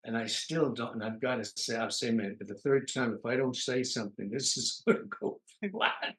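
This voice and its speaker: A guest comedian from New York, an older man, spins long stories in a relaxed interview, his speech full of "uh." He talks fairly quickly in a lowish voice, with roomy echo in the recording.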